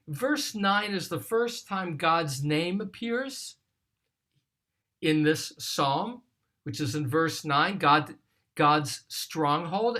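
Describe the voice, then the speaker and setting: A scripture teacher gives a recorded study lesson on a psalm, reading verses aloud and explaining them slowly and deliberately. The voice is medium-pitched, bright and forceful in tone.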